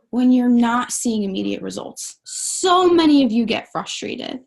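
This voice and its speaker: Husky, upbeat woman coaching a team. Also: a little high, unhurried. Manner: upbeat, emphatic, fills with "like" and "guys". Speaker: network marketing team coach. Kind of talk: live-streamed coaching talk.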